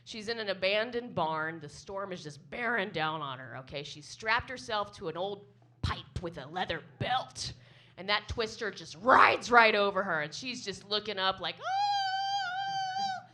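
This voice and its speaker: A woman's voice: lively intonation, moderate pace, sharp tone. A woman comedian doing a chatty, self-mocking stand-up set to a live audience in a small club. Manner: chatty, self-mocking, with swoops into high silly voices.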